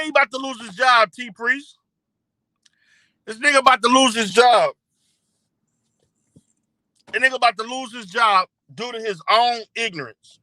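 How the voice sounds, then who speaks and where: A man's voice: extremely high pitch, pushed and bright, no echo, rough recording. A man streaming a scornful, profane rant about another streamer. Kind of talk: ranting commentary.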